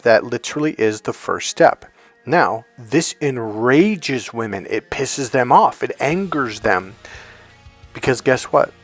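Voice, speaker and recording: A middle-aged man coaching men on dating, talking bluntly with plenty of swearing and acting out the voices of the people he quotes. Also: mid-range voice. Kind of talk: direct-to-camera coaching talk.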